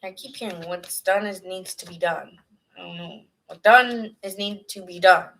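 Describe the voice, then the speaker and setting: A woman's voice: fairly low pitch, fairly even intonation, moderate pace, gravelly, fairly bright tone, slight background noise, rough recording. A woman giving a casual tarot reading, earnest and rambling, sometimes dropping into whispered asides. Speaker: tarot reader.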